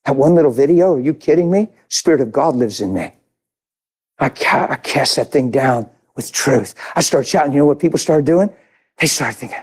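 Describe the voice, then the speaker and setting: Male pastor, high voice, animated sermon delivery with sudden shouts and hushed asides. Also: moderate pace, breathy edge. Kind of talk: sermon storytelling.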